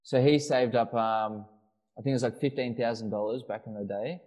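A man co-hosting a relaxed podcast chat, spinning a long anecdote. He restarts his sentences often and leans on fillers as he goes. His pitch sits in a middle range. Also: fairly quick, highs cut off. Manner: rambling storyteller with frequent restarts and fillers. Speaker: podcast co-host. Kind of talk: casual chat.

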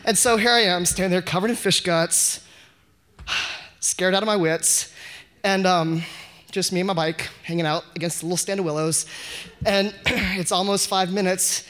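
A man telling an unscripted story at a live event, animated and self-mocking, often breaking into laughs. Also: sits high, moderate pace. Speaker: audience member telling a story. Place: live event before an audience.

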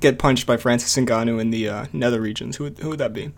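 A man's voice: medium pitch, fairly even intonation, fast, creaky. A man co-hosting a casual podcast chat, joking and laughing often. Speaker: podcast co-host.

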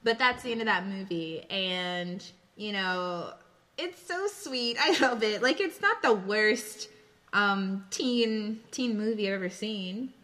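A woman's voice: mid-range voice, takes it slowly, bright, forceful tone. A young woman co-hosting a casual movie podcast, chatty and joking, often trailing off mid-thought. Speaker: podcast co-host. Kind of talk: casual chat.

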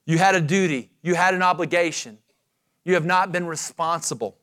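A man preaching a sermon as pastor, emphatic and dramatic, slowing to stress key phrases. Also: a little high, a bit bright.

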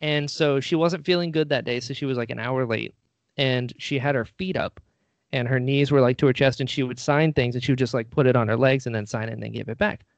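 A man's voice: medium pitch, brisk, no room sound. A man telling a story in casual chat, animatedly acting out what people said.

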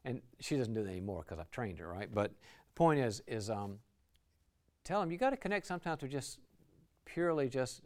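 Very animated and brisk, this man speaks in a mid-range voice at a lecture venue. The leadership speaker lectures enthusiastically on team relationships, acting out short dialogues to make his points.

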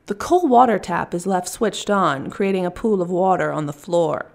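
A woman's voice: on the low side, animated, normal speed, creaky, few pauses. A woman narrating a first-person story in a wry, dry storytelling manner.

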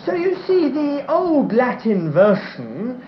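A man giving a Bible teaching, reading verses aloud in a measured way with enthusiastic asides. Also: very high voice, huge pitch swings, slight background noise. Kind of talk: sermon-style Bible teaching. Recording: dull lo-fi recording in an echoey room.

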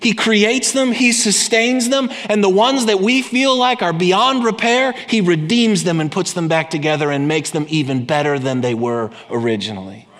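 A man preaching a sermon with impassioned delivery, swinging between loud emphasis and quiet intensity. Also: sits high, moderate pace, few pauses. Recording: long hall reverb.

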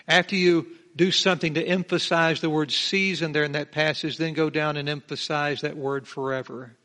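A man's voice: on the high side, fairly bright tone. A middle-aged male pastor teaching a Bible passage verse by verse, emphatic, drawing out key words and asking the congregation rhetorical questions.

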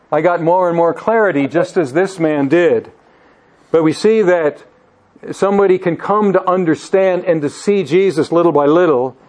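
A man's voice: a little high, darkish tone. A man preaching a sermon, reading scripture aloud with emphasis and putting questions to his listeners. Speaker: pastor.

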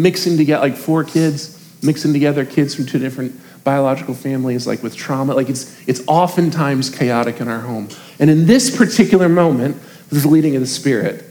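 A man's voice: mid-range voice, a little mellow. A man in his thirties, a pastor preaching a sermon in an earnest, confessional, conversational way, speaking directly to his congregation.

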